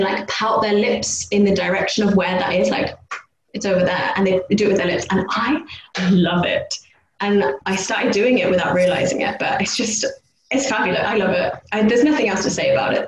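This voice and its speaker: Young british woman chatting on a podcast, gets loud doing silly sound imitations, echoey room, bit of hiss. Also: medium pitch. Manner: animated, imitates street sounds loudly. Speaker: podcast co-host. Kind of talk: casual chat. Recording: echoey room, faint background noise.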